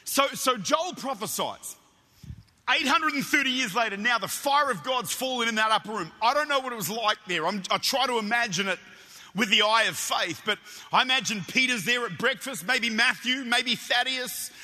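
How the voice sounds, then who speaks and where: An Australian man preaches with a very high, sharp, piercing voice, tumbling into excited stammers as he tells his stories. His sermon rings out through a church with a long, echoing hall reverb. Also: normal speed. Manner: energetic, animated storytelling with stammered restarts.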